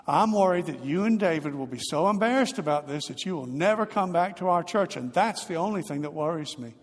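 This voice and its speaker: A man voicing a comforting mother within a sermon, speaking softly but firmly. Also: fairly high pitch, expressive, fairly quick, long reverb tail. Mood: gentle firm. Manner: soft but firm.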